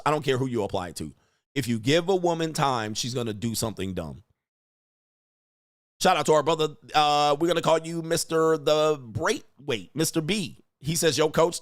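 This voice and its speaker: A man's voice: mid-range voice, dry recording, clean studio sound. A man hosting a livestream, reading viewer donations aloud between blunt, crude rants. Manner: reads viewer messages aloud. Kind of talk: casual livestream rant.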